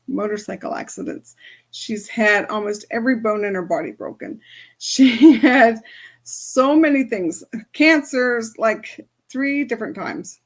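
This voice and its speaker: A woman with a fairly high voice talks through a casual lesson on chakras. She is an energy healer who tells stories from her practice in a chatty way, with plenty of ums along the way. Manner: chatty and storytelling, with many fillers.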